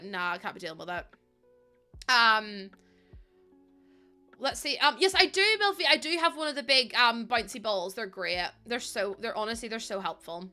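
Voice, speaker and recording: A woman's voice: on the high side, pushed and bright. A British woman livestreaming, chatting casually with her viewers, laughing often and swearing freely. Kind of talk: casual stream chat.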